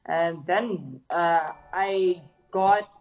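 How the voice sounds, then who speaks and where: A woman's voice: lowish voice, extremely slow, a little mellow, highs cut off. Slangy young woman chatting casually. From Canada. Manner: loose slangy talk with frequent fillers and swearing. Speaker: guest, fitness trainer and artist. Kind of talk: casual interview chat.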